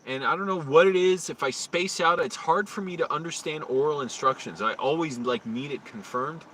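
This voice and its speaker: A man's voice: a little high, moderate pace, a bit bright, slight background noise. A man live-streaming outdoors, telling rambling anecdotes with restarts, his voice rising when he retells arguments. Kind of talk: casual live-stream storytelling.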